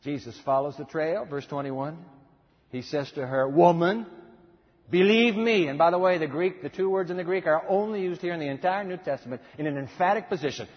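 A man preaching a sermon, telling a Bible story dramatically, moving from hushed lines to loud, emphatic ones. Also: fairly high pitch, fairly quick. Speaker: pastor. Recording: muffled recording with long hall reverb.

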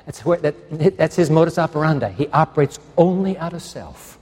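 A man's voice: on the high side, lively intonation, moderate pace, husky. A male pastor preaching a heartfelt sermon, his voice dropping to near-whispers and then climbing into fervent calls. A long reverb trails each phrase, as in a large church sanctuary. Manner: impassioned, swings between hushed and fervent.

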